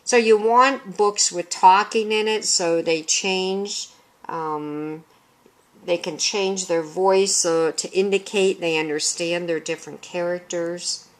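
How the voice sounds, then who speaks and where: A woman's voice: on the low side, steady tone, takes it slowly. A woman teacher explaining reading methods in a recorded demonstration. She reads lines from a children's book aloud as examples, recorded on a handheld video camera. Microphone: handheld consumer video camera.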